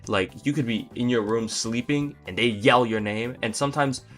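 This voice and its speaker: A man's voice: mid-range voice, normal speed, a bit bright, faint music behind. A young man doing a comedic rant to camera, exasperated and incredulous, with exaggerated outbursts. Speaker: comedy vlogger.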